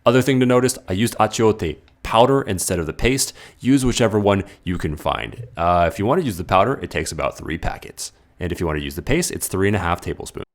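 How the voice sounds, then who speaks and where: A man with a deep, low-pitched voice narrates his home cooking video over the footage. He keeps it casual and easygoing, tossing in silly jokes and playful asides between the steps. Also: expressive, fast, hardly any pauses. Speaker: cooking channel host.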